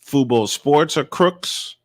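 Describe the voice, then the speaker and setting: A man's voice: fairly high pitch, slow, dry recording, studio quality. A man from Chicago chatting casually about sports as a podcast co-host, emphatic and full of stories. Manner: emphatic, tells stories with lots of affirming fillers.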